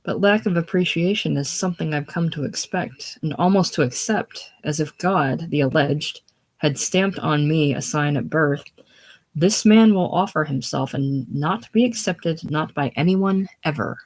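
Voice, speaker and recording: The reader's medium-pitched, unhurried voice brings to life a sickly older man who is lonely, grandiose, and self-pitying. This casual play reading has a theatrical, brooding feel throughout.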